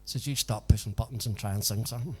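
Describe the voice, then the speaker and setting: A man's voice: fairly low pitch, fast, a little mellow, husky. A man hosting a casual live music stream from his home, chatting in a folksy way and tagging his sentences with "so it did". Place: home in a village. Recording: long reverb with backing music.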